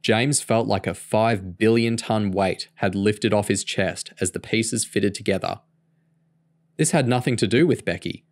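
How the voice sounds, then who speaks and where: A man reading a novel aloud in a steady, even storytelling manner. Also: on the low side, measured pace, no echo. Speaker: audiobook reader.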